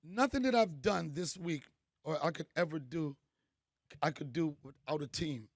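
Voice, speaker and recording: A man's voice: fairly high pitch, normal speed, dry recording, clean studio sound. A middle-aged man hosting a crowd, telling loose, slangy, joking stories. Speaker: comedian host speaking to an event crowd. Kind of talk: storytelling speech to a live crowd.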